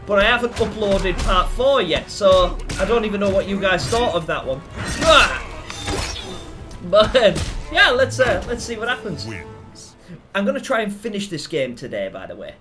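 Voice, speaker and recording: A man hosting a let's-play video, commenting excitably, laughing and swearing as he shouts at the game. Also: high voice. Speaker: gaming video host. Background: game music.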